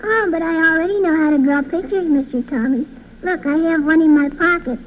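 A man's voice: very high-pitched, brisk, pitched above the performer's own voice. A man voicing a chatty, innocent little girl with a childlike, sing-song manner in a 1930s radio comedy. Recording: tinny old radio broadcast, faint hiss.

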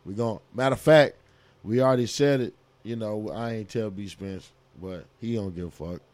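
A man co-hosts a podcast in a brash, hyped way and swears freely. His voice is lowish and mellow. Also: moderate pace, no echo. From Kentucky, US. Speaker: podcast co-host. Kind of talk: casual podcast chat.

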